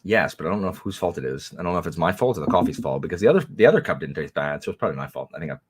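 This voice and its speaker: Casual co-host, young man, deep but lively voice, teasing and rambling. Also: racing, breathy edge. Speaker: booktube co-host. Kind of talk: casual livestream chat.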